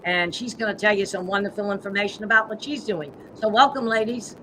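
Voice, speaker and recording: A woman's voice: mid-range voice, bright, forceful tone, a little hiss or hum. A woman hosting a live-streamed show over a video call, upbeat and promotional. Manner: upbeat, promotional, spells out web addresses slowly. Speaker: host and pageant CEO.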